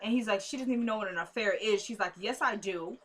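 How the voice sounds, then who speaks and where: A woman casually recapping a TV episode, acting out characters' lines in an animated, chatty way. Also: medium pitch, fast. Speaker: TV recap host.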